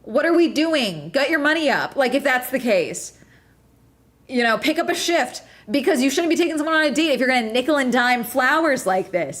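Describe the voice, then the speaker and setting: A woman's voice: sits high, lively intonation, moderate pace, a bit bright. Profane, exasperated woman ranting. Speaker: streamer. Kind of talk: casual ranting chat.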